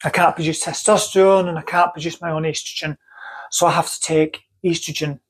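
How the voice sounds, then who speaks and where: A woman's voice: deep voice, steady tone, fairly quick. A woman with a North Manchester accent telling a personal story to camera, earnest and emphatic, repeating phrases for stress. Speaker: vlogger.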